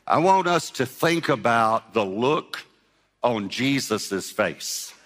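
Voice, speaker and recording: Male pastor, mid-pitched, lively humorous preacher, long hall reverb. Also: slow pace. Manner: animated storyteller acting out scripture voices with humor. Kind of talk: sermon.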